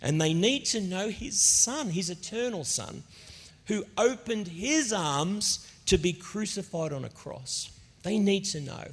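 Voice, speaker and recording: A middle-aged man preaching a sermon as a pastor, telling stories in an animated, conversational way. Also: high voice, a little slow, breathy edge. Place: church auditorium. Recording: long reverb of a church hall.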